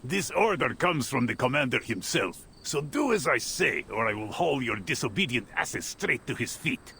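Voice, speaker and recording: A man voicing a stern male soldier officer who barks orders at his troops in a gruff, commanding manner. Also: mid-range voice, sing-song, moderate pace, pushed and bright, slight background noise, exaggerated voice.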